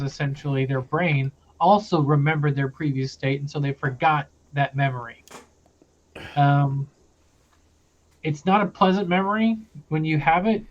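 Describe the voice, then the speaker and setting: A young man recapping a tabletop campaign as game master, loose and rambling with many pauses. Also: fairly high pitch, muffled recording.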